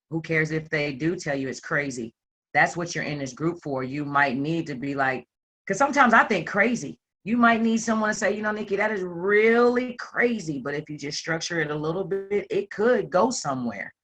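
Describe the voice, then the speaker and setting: Bright-voiced woman telling a lively story. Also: sits low, moderate pace. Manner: animated storyteller, acts out quotes, playful asides. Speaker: self-employed group member sharing a story. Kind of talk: candid personal testimony to a group.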